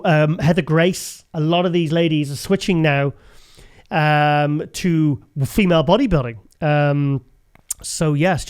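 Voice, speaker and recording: A man hosting a casual show, chatting and rambling as he looks through pictures and laughs often. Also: a little high. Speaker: host.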